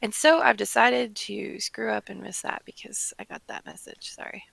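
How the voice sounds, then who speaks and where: Young woman streamer, sarcastic game chatter, heavy vocal fry, dry close mic. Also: mid-range voice, normal speed, a bit bright, no echo. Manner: sarcastic, joking commentary. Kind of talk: casual game-stream chat.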